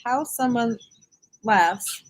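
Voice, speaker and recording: Chatty, expressive woman guest. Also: a little high, very slow, slight background noise, rough recording. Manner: chatty and expressive, laughs often while talking. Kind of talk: casual conversation.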